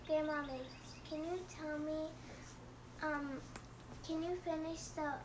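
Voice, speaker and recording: A woman voicing a small child who haltingly asks for a bedtime story. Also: high voice, flat delivery, background noise, pitched above the performer's own voice. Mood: pleading. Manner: hesitant, halting.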